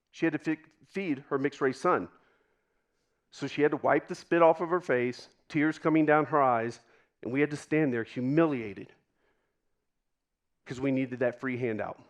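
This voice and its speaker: A man giving a deeply personal storytelling talk on stage to a live audience, pausing for effect and dropping to a hush at tender moments. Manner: dramatic pauses, drops to a hush for quoted moments. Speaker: keynote speaker.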